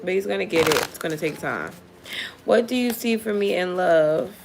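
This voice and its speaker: A woman's voice: fairly low pitch, normal speed, creaky. A woman giving a casual live tarot reading for viewers, blunt and profane, often laughing as she talks. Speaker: tarot reader.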